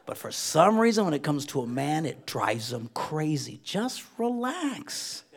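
A middle-aged male pastor preaching a humorous sermon, telling comic stories and swinging between loud bursts and hushed asides. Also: on the high side, very animated, normal speed, creaky.

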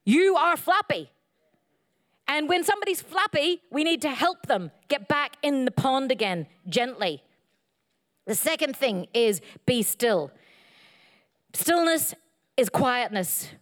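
A middle-aged woman preaching a sermon, animated and playful, telling humorous stories and slipping into silly voices. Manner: animated, playful, jumps into high silly voices for quoted lines.

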